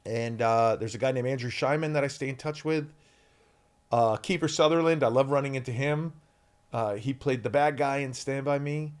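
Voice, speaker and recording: A man in his forties, an actor guest, telling candid stories in an interview with lively energy. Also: medium pitch, normal speed, clear, resonant tone. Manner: energetic, animated, shouts out quoted lines.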